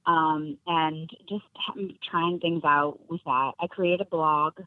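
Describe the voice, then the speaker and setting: A woman's voice: deep voice, flat delivery, slow. A woman, an actress guest on a podcast, chatting casually and laughing often, with lots of fillers. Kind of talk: casual chat. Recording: narrow phone-like sound.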